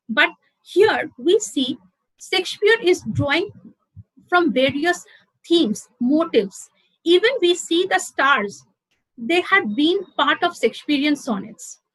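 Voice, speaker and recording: High-voiced woman giving a lecture. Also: fairly bright tone, no room sound, rough recording. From India. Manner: explanatory, with fillers and self-corrections. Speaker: guest lecturer. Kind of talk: online lecture.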